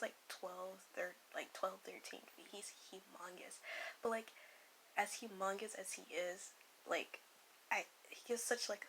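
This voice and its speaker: A woman's voice: mid-range voice, bright, forceful tone, a little hiss or hum, rough recording. A young woman telling a personal story in a casual, rambling way, often swearing and dropping into a whisper. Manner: profane, rambling, slips into whispers and laughs. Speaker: vlogger.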